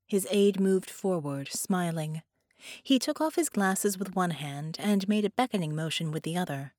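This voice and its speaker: Low-voiced woman narrating a story. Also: expressive, moderate pace, darkish tone, no echo, clean studio sound. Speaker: audiobook narrator. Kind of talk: scripted narration.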